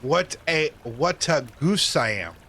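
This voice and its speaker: Man, live streamer, casual chat, self-deprecating jokes, slow delivery, fairly high voice. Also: lively intonation, a little hiss or hum. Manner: jokey, self-deprecating, thinks out loud.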